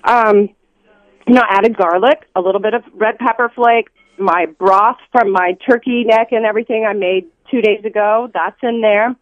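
A woman calling in to a radio show, chatty and excited. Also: medium pitch, normal speed, no echo. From Southern United States. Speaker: caller. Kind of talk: phone-in chat. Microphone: telephone. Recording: dull phone line.

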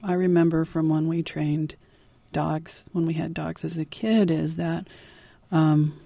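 A woman hosts a radio call-in show in a friendly, conversational way. Her voice is lowish and mellow. The studio sound is dry and close. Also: steady tone, a little slow, gravelly, dry recording. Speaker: radio host. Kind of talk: radio talk show hosting.

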